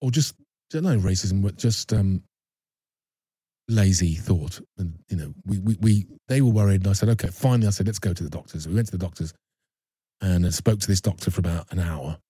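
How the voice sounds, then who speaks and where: Deep husky man, halting storytelling. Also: dark tone, no room sound. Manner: halting, repeats words and restarts often. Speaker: actor guest. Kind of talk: candid personal storytelling.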